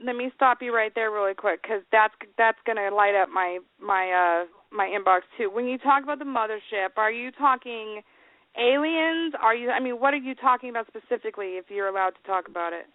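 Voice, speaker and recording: High-voiced lady host, blunt n casual, laughs a lot, dry tinny phone sound. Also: a little fast, no echo. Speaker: radio host. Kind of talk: casual radio interview.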